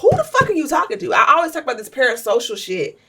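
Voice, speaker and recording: A woman co-hosting a podcast, telling stories in a blunt, profane, animated way. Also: sits high, fast talker, breathy edge, distant mic. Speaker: podcast co-host. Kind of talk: casual chat.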